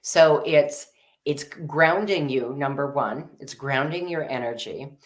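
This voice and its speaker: A woman's voice: low voice, takes it slowly. A woman co-hosting a casual advice talk show, chatty and encouraging. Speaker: co-host.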